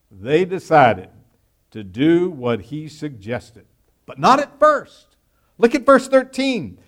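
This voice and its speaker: A man preaching a sermon, reading scripture aloud and explaining it word by word, with emphatic stress that swings between loud and quiet. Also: a little high. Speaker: pastor.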